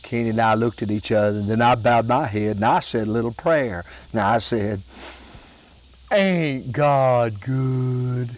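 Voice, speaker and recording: An older man from Alabama with a Southern accent, telling homespun humorous stories in a slow, drawling way with chuckles. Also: on the low side, fairly even intonation, poor audio. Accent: Southern American. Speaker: storyteller. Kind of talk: folksy humorous storytelling.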